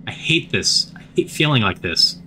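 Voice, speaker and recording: A man voicing a prickly teenage girl genius scientist, clipped and bitter, in his own bright voice. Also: fairly low pitch, very animated, moderate pace, a little hiss or hum, full character voice. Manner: clipped, bitter, self-serious.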